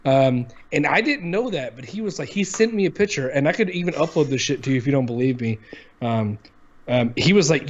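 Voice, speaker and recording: A man's voice: mid-range voice, lively intonation, a little fast. A man in his thirties co-hosting a casual chat show, talking bluntly, dismissively and with a lot of swearing. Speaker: podcast co-host. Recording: dull lo-fi audio.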